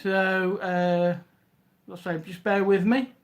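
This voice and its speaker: A man's voice: sits high, level tone, slow pace. A man with a Scouse accent from Liverpool, hosting a casual live stream and chatting to viewers by name. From Liverpool, England. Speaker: reseller livestream host.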